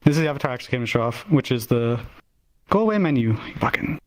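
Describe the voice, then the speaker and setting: A man's voice: medium pitch, very fast. A man casually showing off an avatar he made, stammering, restarting and swearing offhandedly. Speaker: avatar creator presenting his work. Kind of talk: casual showcase chat.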